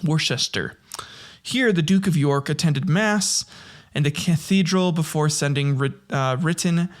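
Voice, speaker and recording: A man's voice: a little high, measured pace. A man hosting a casual history podcast, reading from notes with slips and breaking into profane jokes. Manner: profane, joking, reads from notes with slips and laughs. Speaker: podcast host.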